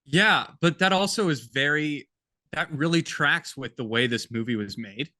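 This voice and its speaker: A man co-hosting a film podcast, talking in a bright, forceful voice. The sound is close and dry, with no room around it. His delivery is chatty and jokey as he reads quotes aloud. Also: fairly high pitch, normal speed, no echo. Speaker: podcast co-host. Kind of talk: casual film-review chat.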